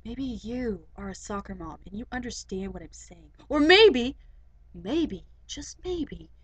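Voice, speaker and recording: A teenage girl rants casually to her webcam. She is chatty and wanders between fillers and little asides, mid-pitched for a woman. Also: lively intonation, a little slow, dark tone, husky, no echo, rough recording. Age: teens.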